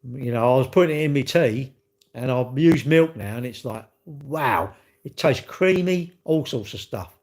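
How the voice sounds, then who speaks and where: A man's voice: mid-range voice, unhurried, darkish tone. A middle-aged man, chatting casually with viewers as a livestream host, rambling cheekily and acting out little exchanges in different voices. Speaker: livestream host reading chat.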